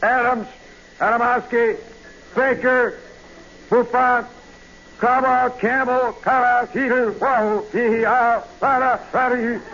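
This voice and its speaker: A man's voice: very high voice, fairly even intonation, fairly bright tone, full character voice. A man barking as a short, angry army sergeant. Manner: barks names in a rapid mumbled chant. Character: short angry male army first sergeant calling roll. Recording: muffled old radio broadcast with faint hiss.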